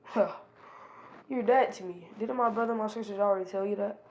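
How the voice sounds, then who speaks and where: A woman's voice: medium pitch, a little fast, a little mellow, dull audio, a little hiss or hum, lightly acted. Woman doing a smug teenage ninja boy. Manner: smug, taunting.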